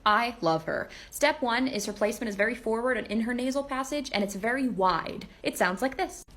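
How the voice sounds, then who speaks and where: A woman's voice: fairly high pitch, a little fast, a bit bright. A young woman giving an upbeat, step-by-step vocal tutorial, plainly explaining how to imitate singers. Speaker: singer and impressionist teaching vocal impressions.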